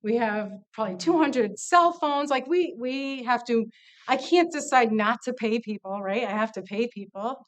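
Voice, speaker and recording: A woman leading a nonprofit tells a candid, lively story to students in a casual talk, acting out the dialogue. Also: a little high, moderate pace. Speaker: nonprofit CEO speaking to students.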